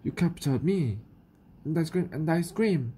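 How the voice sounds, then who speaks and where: A woman's voice: low-pitched, unhurried, slightly rough, full character voice. A woman with a New Zealand accent voicing an eager, pleading little girl witch in a children's picture book read aloud. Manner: pleading, excitable.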